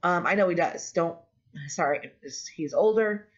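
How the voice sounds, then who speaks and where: A woman's voice: fairly low pitch, a little slow. A woman vlogger telling a personal story in a candid, rambling way, with frequent ums and restarts. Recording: dull lo-fi audio.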